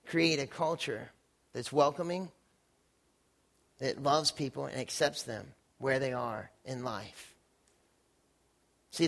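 A young man giving a relaxed, conversational sermon in a fairly high voice. He acts out quoted voices and pokes fun at himself as he demonstrates with props on stage. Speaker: pastor.

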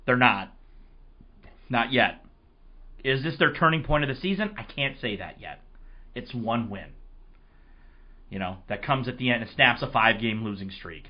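A man hosting a casual sports podcast, his voice hoarse, telling rambling, excitable stories. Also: mid-range voice, moderate pace, long pauses, dull audio. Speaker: podcast host.

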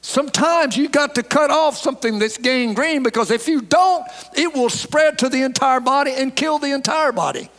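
A man's voice: very high-pitched, normal speed, few pauses, a bit bright. A man preaching a sermon, folksy and emphatic as he tells a story. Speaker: pastor. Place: church sanctuary. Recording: long hall reverb.

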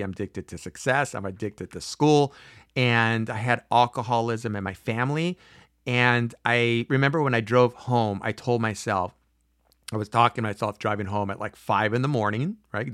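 A man in his forties telling a personal story in a casual, animated way, acting out quoted voices, with frequent fillers and restarts. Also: mid-range voice, dry recording, studio quality.

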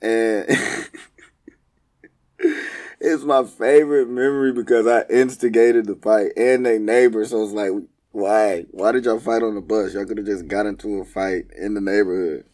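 A young man with a lowish voice telling stories from his childhood, loose and slangy. He laughs often and teases as he talks, in a relaxed, chatty vlog manner. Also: normal speed. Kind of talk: casual storytelling.

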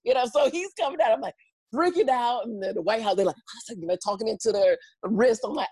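A woman guest telling a story in an interview, lively and expressive, acting out voices and laughing often. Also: fairly high pitch, fairly quick, slightly rough, dry recording.

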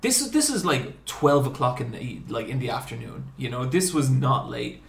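A young man hosting a podcast, telling animated comic stories with plenty of swearing. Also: mid-range voice, normal speed, vocal fry, reverberant. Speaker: podcast host. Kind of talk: casual storytelling chat.

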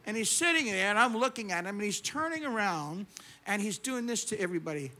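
A man preaching a sermon, telling a story and swinging between loud, animated preaching and quiet storytelling. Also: sits high, brisk, slight background noise. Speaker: pastor. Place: church sanctuary.

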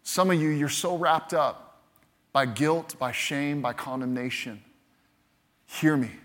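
High-voiced man preaching a lively sermon. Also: slow pace. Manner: animated preaching, acts out quoted voices. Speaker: pastor.

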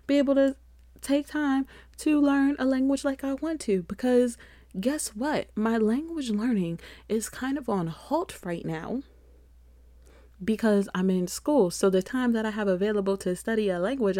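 A woman's voice: medium pitch, dark tone, dry recording. A young adult woman hosting a solo podcast, rambling in a chatty, self-deprecating way with frequent laughs. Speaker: podcast host. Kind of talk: casual solo podcast chat.

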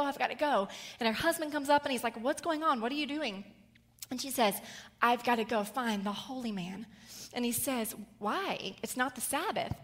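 Female preacher, mid-range voice, lively storytelling sermon, long hall reverb. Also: mid-range voice. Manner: animated storytelling, acts out the characters.

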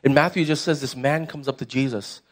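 A man's voice: medium pitch, fairly even intonation, quick pace. A young man preaching a sermon as pastor, conversational and emphatic, putting direct questions to the church.

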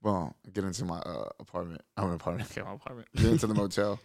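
Low, gravelly man telling stories. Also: racing, a little mellow, dry recording, studio quality. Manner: laid-back, mumbly, profane storytelling. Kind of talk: casual storytelling chat.

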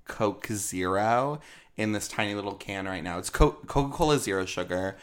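A man's voice: lowish voice, moderate pace, clear, resonant tone. A man co-hosting a podcast in casual chat, joking, laughing often and rambling with fillers. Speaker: podcast co-host.

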